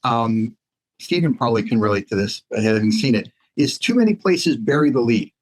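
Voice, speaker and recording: A man's voice: medium pitch, expressive, normal speed, a little mellow, poor audio. A man guesting on a casual podcast, airing his peeves in a rambling, mildly exasperated way. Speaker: guest author. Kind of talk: casual chat.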